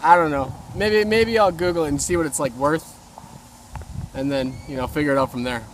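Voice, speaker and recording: A woman on a motorcycle trip, chatting in a casual video diary, excitable and incredulous, swearing freely. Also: deep voice, fairly quick, a little hiss or hum, poor audio. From Canada. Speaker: motorcycle travel vlogger.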